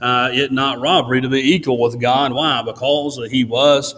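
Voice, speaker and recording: A man preaching a sermon in a church, pausing often with "uh" between phrases. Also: medium pitch, steady tone, a bit bright. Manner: halting, fills pauses with frequent "uh". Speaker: pastor. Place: church sanctuary. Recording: long church reverb.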